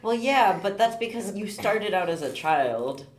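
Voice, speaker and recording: A man's voice: sits high, animated, unhurried, reverberant. A man co-hosting a podcast who chimes in with brief, dry remarks. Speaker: podcast co-host. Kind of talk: casual chat.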